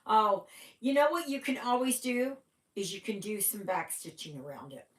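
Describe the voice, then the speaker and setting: A middle-aged woman with a mid-range voice hosts a cross-stitch livestream, chatting casually with viewers at a normal speed. Now and then she yawns and trails off. The room sounds echoey.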